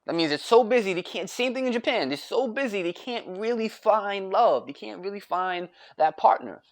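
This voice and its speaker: A man's voice: sits high, lively intonation, brisk. A young American man ranting to camera in a rambling, repetitive way, swearing and restarting his sentences. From United States. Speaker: vlogger. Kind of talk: grumpy rant to camera.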